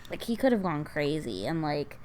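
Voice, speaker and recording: A woman with a fairly low voice talks on a casual podcast. Her delivery is offhand and wry. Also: sing-song, normal speed, a little mellow. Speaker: podcast co-host. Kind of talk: casual chat. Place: living room.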